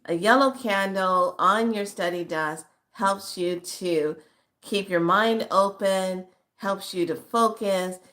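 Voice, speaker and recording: An older woman hosting a spiritual live stream, reading viewer comments aloud and answering them in a lively, motherly, teasing way, calling people honey. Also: medium pitch.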